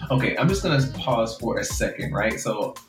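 A man's voice: lowish voice, animated, brisk. A man with a Jamaican accent, a book author talking frankly and reflectively in an interview, often laughing. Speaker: author guest. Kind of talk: interview conversation. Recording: roomy room with faint music.

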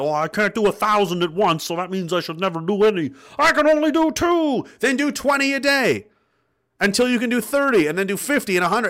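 Bright-voiced man on a profane rant. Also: sits high. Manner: profane, rambling, blunt. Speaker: livestream host reading chat. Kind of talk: casual motivational rant.

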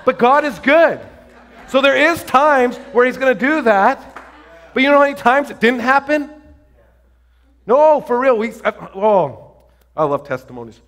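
A man preaches to a congregation with a fairly high voice. He tells stories with lots of excitement and often breaks off mid-sentence to start over. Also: measured pace, pauses often. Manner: excited, storytelling, many restarts and fillers. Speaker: pastor. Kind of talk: sermon.

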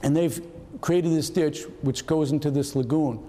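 A man's voice: on the high side, fairly even intonation, moderate pace, mellow, long reverb tail. A man in his seventies from Massachusetts, giving a storytelling talk with slides in a casual way. He often repeats words and acts out dialogue. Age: 70s. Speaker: retired FBI agent giving a talk.

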